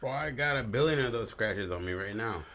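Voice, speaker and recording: Male co-host, bright tense tone, jokey interjector. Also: mid-range voice, lively intonation, fairly quick. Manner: joking interjections, laughing often. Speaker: podcast co-host. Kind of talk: casual chat.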